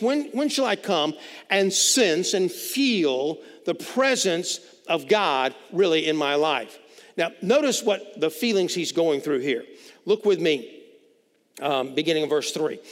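A man's voice: on the high side, expressive, a little slow. A pastor preaching a sermon in a conversational way, often repeating words as he builds his points. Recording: long reverb of a large hall.

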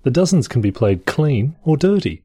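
A man with a husky voice reading a text aloud for comedy, adding wry, sarcastic asides. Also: medium pitch, very animated, moderate pace, mellow, no room sound.

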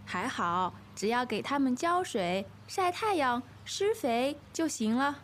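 Brief: a woman reading a breezy garden-proud woman, high and lively, light noise. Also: unhurried. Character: cheerful woman proud of her tidy garden. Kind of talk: scripted dialogue in a language lesson.

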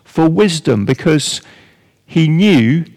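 A man's voice: fairly high pitch, lively intonation, slow, darkish tone, big-room sound, rough recording. A man giving a sermon to a congregation in a conversational, wry way, full of rhetorical questions. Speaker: preacher.

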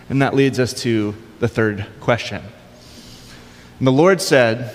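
A man's voice: mid-range voice, big pitch swings, a little slow, in a large hall. A man preaching a sermon in a conversational way, with casual asides. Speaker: pastor.

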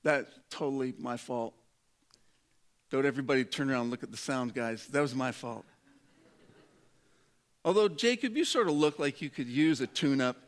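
A man's voice: mid-range voice, normal speed, pauses often. A man preaching a sermon to a congregation in a conversational, joking way, acting out the voices of the people in his story. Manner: humorous, conversational, acts out quoted voices. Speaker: pastor.

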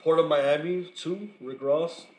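Podcast co-host, male, roomy echo, slightly high, list reading. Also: measured pace, a little mellow. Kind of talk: casual chat.

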